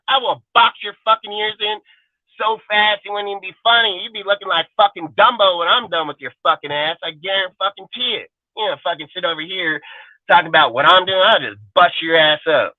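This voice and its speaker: Brief: man, higher-pitched voice, angry profane livestream rant, tinny phone-like sound, dry. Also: brisk, no echo. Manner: profane, confrontational, taunting. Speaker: channel host.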